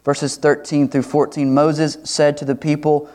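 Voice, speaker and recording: Animated preacher, fairly high voice. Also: male voice, a little slow, few pauses. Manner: animated, acts out quoted voices with rising pitch. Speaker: pastor. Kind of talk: expository sermon.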